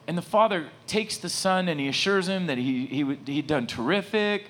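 Male pastor, middle-aged, rambling sermon storyteller with a bright, animated voice. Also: a little high, moderate pace, hardly any pauses. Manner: animated, rambling with many asides.

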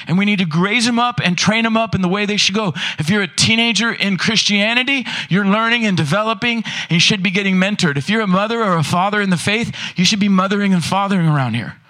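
A man preaching in a church, his voice sitting high and bright. He is animated and keeps firing rhetorical questions at the congregation. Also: fast, few pauses. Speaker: pastor. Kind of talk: sermon.

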